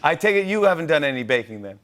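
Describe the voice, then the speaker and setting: A man's voice: fairly high pitch, big pitch swings, fast talker, fairly bright tone. A middle-aged man hosting a talk show, enthusiastic and laughing along with his guest. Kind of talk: casual talk show chat.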